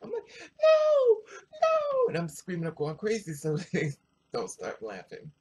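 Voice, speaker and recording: A vlogger telling a personal story to viewers in a chatty, animated way, full of asides. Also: medium pitch, moderate pace, breathy edge. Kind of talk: casual storytelling to camera.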